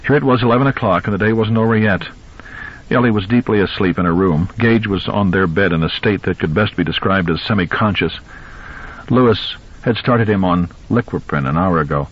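A man narrating an audiobook in an expressive, measured reading. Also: low voice, breathy edge, muffled recording. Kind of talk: scripted narration.

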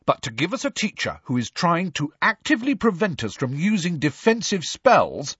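A man's voice: a little high, sing-song, normal speed, fairly bright tone, husky, no room sound, pitched above the performer's own voice, exaggerated voice. A man voicing a pompous, self-important teenage schoolboy, in a storybook reading. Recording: dry, slightly dull recording.

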